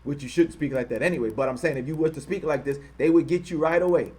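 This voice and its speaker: A man hosting an online show, reading items off his screen and talking about them. He repeats himself often and gets loud and high-pitched when he is worked up. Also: fast, slightly rough. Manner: repetitive, grows loud and high when heated, mocking quoted voices. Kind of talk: livestream commentary reading from a screen.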